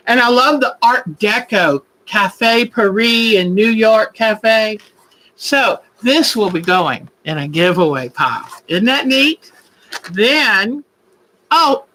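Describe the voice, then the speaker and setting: A man chats casually with viewers as a quilting show host, gushing and effusive. His voice sits notably high and his pace is unhurried, with a bright, forceful edge. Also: rough recording. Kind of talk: casual live-stream chat.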